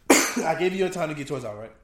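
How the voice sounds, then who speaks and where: A fairly high-voiced man co-hosting a casual podcast, talking in an animated way and throwing "bro" into his sentences. The room around him rings with echo, and he laughs easily as he makes his points. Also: moderate pace, heavy background noise. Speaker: podcast co-host. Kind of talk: casual chat.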